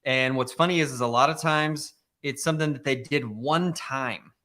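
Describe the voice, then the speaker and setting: A real estate podcast co-host with a medium-pitched, pushed and bright voice talks at a normal speed. On a live real estate talk show, he chats casually about business in a loose, conversational way, dropping plenty of "you know" asides.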